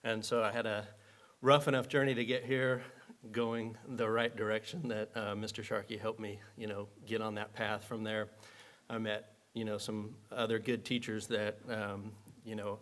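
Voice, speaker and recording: A man who was once a student, speaking a halting memorial tribute full of fillers. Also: on the low side, fairly bright tone. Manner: halting, many fillers and restarts. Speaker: former student giving a tribute.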